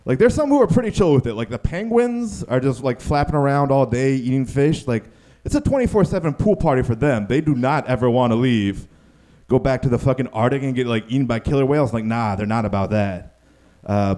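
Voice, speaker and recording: Man, stand-up comedian, animated, acts out quotes, bursts of yelling. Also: medium pitch.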